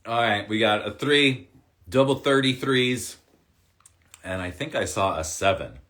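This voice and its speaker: A man's voice: fairly low pitch, expressive, measured pace, a bit bright. A man doing a live-stream card reading as a spiritual coach, upbeat and emphatic, with casual swearing.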